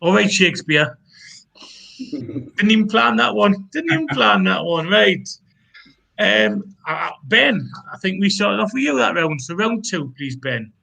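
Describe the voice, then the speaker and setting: A man with a Geordie accent hosts a pun contest in easy, teasing banter. His voice sits high and gravelly, with a bright, sharp edge. He pokes fun at himself as he goes. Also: big pitch swings, unhurried. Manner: teasing, chatty, self-mocking. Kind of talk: casual banter.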